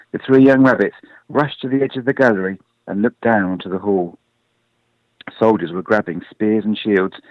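A man giving a lively, expressive storybook reading on a radio show. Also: lowish voice, dry recording, lo-fi sound.

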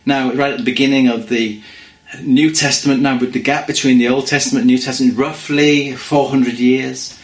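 A man preaching a sermon in an earnest way, dropping to a hush when he quotes scripture. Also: medium pitch, roomy sound, low-quality recording. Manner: earnest, drops to hushed quoting of scripture.

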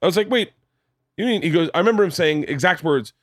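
A man's voice: fast, no room sound, studio quality. A man hosting a podcast, a comedian telling stories in casual chat and lifting his voice for quoted people. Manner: animated storytelling, pitching up for quoted voices.

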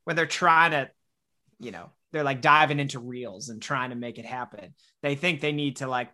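A man's voice: medium pitch, normal speed, sharp tone. A man co-hosting a casual podcast chat, joking in an easygoing way. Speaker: podcast co-host.

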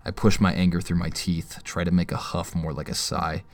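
A man's voice: sits low, flat delivery, moderate pace. A man narrating an audio drama in the first person, with a wry, tense inner-monologue delivery.

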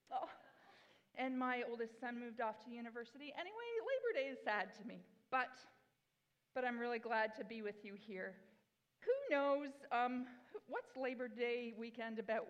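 A woman's voice: on the high side, dull audio. A woman in her forties giving a sermon as pastor, chatty and self-deprecating, with bursts of enthusiasm. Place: church sanctuary. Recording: long hall reverb in a church.

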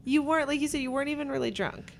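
A woman's voice: sits high, racing, vocal fry. A woman hosting a casual chat, reacting to and prompting her guest's story.

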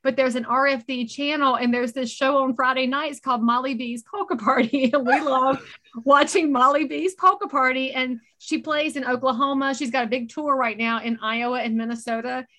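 A middle-aged woman with a Southern drawl chats as a guest, quick with jokes and asides. Her voice sits a little high and rings bright and forceful. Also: steady tone. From North Carolina. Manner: chatty, joking, quick asides. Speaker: guest, realtor and speaker. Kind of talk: casual chat.

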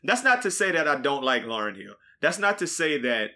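Young male podcast co-host, bright tone, loose slangy storyteller. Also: a little high, big pitch swings, a little fast. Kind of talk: casual chat.

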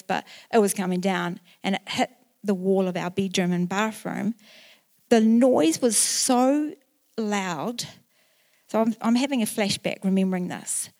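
A woman in her sixties with a New Zealand accent preaches in church. Her mid-pitched voice tells a personal story earnestly and climbs into loud, emotional outbursts. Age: 60s. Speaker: pastor. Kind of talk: sermon.

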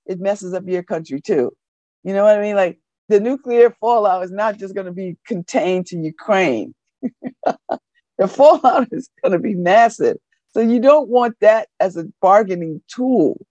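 A woman radio host talking in a loose, slangy way, her pitch swinging up and down as she riffs. She repeats phrases for emphasis and laughs often. The sound is dry with no room, but a little dull and muffled. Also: expressive, measured pace, a little mellow, dry recording. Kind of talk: casual radio commentary monologue.

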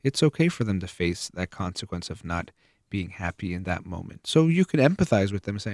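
A man with a fairly low voice talks earnestly about raising children, mixing a personal story with examples of what a parent might say. The sound is dry and close, with no room echo. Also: sing-song, a little fast, a little mellow. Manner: earnest, explains with personal stories and quoted examples. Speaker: parenting advice speaker. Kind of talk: conversational advice talk.

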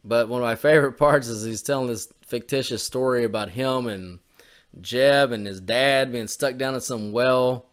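A man's voice: mid-range voice, normal speed. A man co-hosting a podcast, rambling in casual chat and swearing a lot. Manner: rambling, swears often, drawls. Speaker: podcast co-host.

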